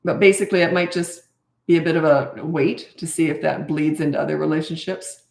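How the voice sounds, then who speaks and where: Gravelly-voiced woman in her sixties. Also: low voice, steady tone, fairly quick, darkish tone, echoey room. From Canada. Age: 60s. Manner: candid, chatty, self-deprecating. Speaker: parenting coach. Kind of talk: live Q&A chat.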